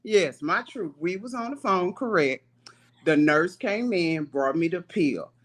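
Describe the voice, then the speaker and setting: A woman guest on a video call, telling her side of the story in casual chat, soft-spoken and laid-back. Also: on the low side, lively intonation, unhurried, over a noisy crowd. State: hospital patient.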